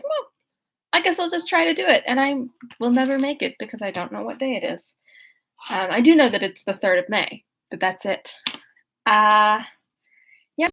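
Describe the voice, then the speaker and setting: A woman's voice: mid-range voice, fairly bright tone. A young woman chatting in a rambling way from her bedroom, then reading a book aloud. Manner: rambling, chatty, full of fillers. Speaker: host and reader. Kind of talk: casual chat and reading aloud.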